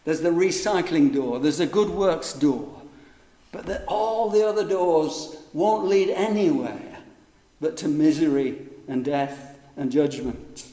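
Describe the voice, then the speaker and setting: A man preaching from the pulpit, his voice a little higher than most men's. He presses his points with rhetorical questions and slows right down on the words he wants to land. The sound rings around a roomy church with a long reverb tail. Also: dark tone. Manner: emphatic, rhetorical questions, varies pace for stress. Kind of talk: sermon.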